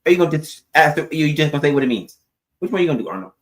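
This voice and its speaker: A man's voice: fairly high pitch, very animated, rapid-fire. A man on a podcast panel mocking the others' arguments with profanity and calling people out by name. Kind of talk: heated debate.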